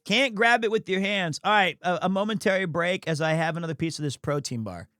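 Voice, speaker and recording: High-voiced rambling streamer man. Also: fairly quick, sharp tone, clean tone, no room sound, clean studio sound. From United States. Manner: rambling, crude, self-mocking. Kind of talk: casual joking sports commentary.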